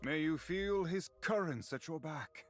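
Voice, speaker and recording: A smug, sanctimonious friar. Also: male voice, fairly high pitch, lively intonation, a little hiss or hum. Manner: formal, drawn-out, sanctimonious delivery. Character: pious, smug male friar hearing confessions, secretly relishing sin. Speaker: friar confessor in a dating game. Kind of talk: video game voice acting.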